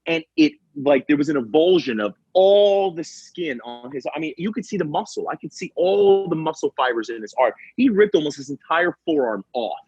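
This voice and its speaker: A man who works as a firefighter telling work stories on a podcast, animated and slangy, acting out what people said. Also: fairly high pitch, normal speed, few pauses, slightly rough, no echo. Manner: animated storyteller, acts out quotes, says bro and man a lot. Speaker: firefighter and comedy video creator, guest. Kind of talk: casual podcast storytelling. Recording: dull lo-fi sound.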